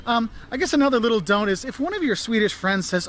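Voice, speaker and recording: A man with a notably high voice gives travel tips with lots of enthusiasm. He laughs often and slips into silly mock voices. A faint background hum sits under his talk. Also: lively intonation, fast, hardly any pauses, a bit bright. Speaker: travel video host. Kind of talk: travel advice vlog.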